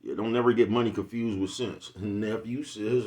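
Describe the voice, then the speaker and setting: A man's voice: lowish voice, fairly even intonation, moderate pace, hardly any pauses, a little mellow. A man in a casual, rambling vlog monologue, cursing freely and asking "you know what I'm talking about" again and again. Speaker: vlogger.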